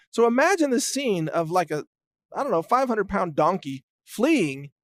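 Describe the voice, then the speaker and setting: A man's voice: sits high, no room sound, studio quality. Chuckling man telling rambling stories. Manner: rambling, chuckling often, restarts. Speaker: show host. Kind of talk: casual anecdotal storytelling.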